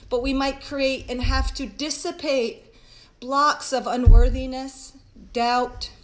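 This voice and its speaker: A woman's voice: high voice, slight background noise, rough recording. A woman hosting a live-streamed spiritual talk, speaking earnestly in long, flowing strings of repeated phrases and calling her viewers guys. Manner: earnest and heartfelt.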